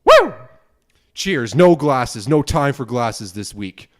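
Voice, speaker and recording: A man's voice: medium pitch, expressive, slow pace. A young man hosting his own podcast alone, ranting angrily with plenty of swearing and rambling asides. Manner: angry, profane, rambling rant. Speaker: podcast host.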